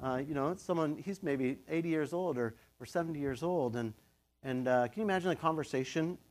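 A middle-aged man giving a casual, conversational sermon, telling the story with lively asides and laughter. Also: fairly high pitch, a little fast. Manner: animated storytelling, acts out quoted voices, laughs often. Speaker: pastor.

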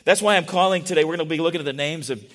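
A middle-aged man preaching a sermon in a relaxed, conversational way, often asking the congregation questions. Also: a little high, racing. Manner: chatty, asks the congregation questions. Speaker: pastor.

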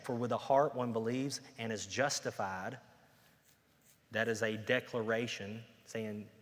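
A man delivers a sermon in a church, mixing relaxed conversational asides with rising, forceful declarations. His voice sits at an ordinary middle pitch. A long reverb from the hall trails each phrase. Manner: conversational preaching that builds to loud, emphatic peaks. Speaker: pastor.

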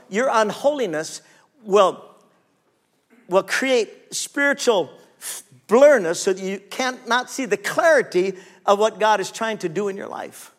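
A man's voice: sits high, animated, a little slow. A man preaching a sermon as pastor, reading scripture aloud and calling on the congregation for amens.

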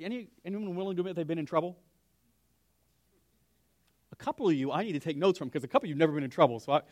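Lively high-voiced pastor teaching. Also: male voice, dry recording, studio quality. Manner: lively, asks the room questions, drops to a whisper for emphasis. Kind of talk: conversational Bible lesson.

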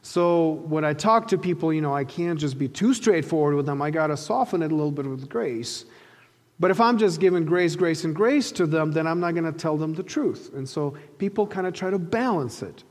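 Earnest male preacher in a reverberant hall. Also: a little high. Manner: earnest storytelling preacher, slows for emphasis. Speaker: pastor. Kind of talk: sermon.

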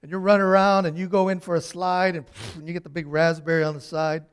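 A man preaching a sermon, telling personal stories with lively acted-out voices, swinging from soft asides to shouts. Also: on the high side, fast talker, smooth.

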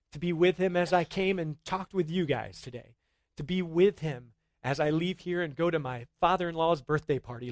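A middle-aged man preaching a sermon in a church, earnest and rising to excited emphasis at times. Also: a little high, dry recording. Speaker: pastor.

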